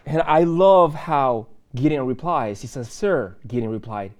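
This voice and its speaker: A man preaching a sermon in a church, conversational and lively, with fillers and asides. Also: medium pitch, a little slow, few pauses. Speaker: pastor.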